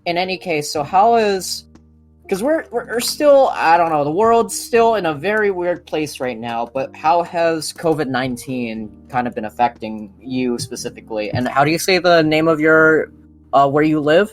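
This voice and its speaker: A young man hosting a podcast, chatting casually in a relaxed, rambling, slangy way. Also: a little high, moderate pace, faint music behind. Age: young adult. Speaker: podcast host. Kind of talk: casual chat.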